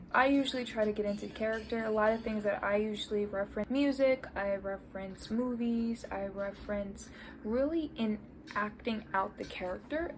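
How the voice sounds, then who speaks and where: A woman's voice: medium pitch, noisy background. An American woman vlogging casually about learning a language, earnest and encouraging as she shares tips. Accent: American English. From United States. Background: background music.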